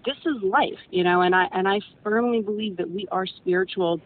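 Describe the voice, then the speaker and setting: A woman guest telling her own story in a rambling, earnest way, often repeating words as she gathers her thoughts. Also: a little fast. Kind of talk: casual personal storytelling. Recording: tinny phone-like line with faint rumble.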